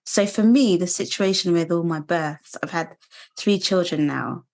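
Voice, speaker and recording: A British woman in her thirties speaks as an interview guest, earnest and reflective. Her voice sits a little low. She talks in a measured, steady way. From United Kingdom. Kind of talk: personal testimony interview.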